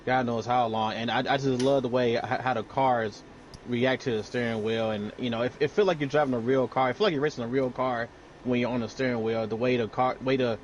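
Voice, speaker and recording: Relaxed male color commentator, stammering. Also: mid-range voice, a little fast, dull audio, slight background noise. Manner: relaxed, stammers and repeats words. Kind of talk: sim racing color commentary.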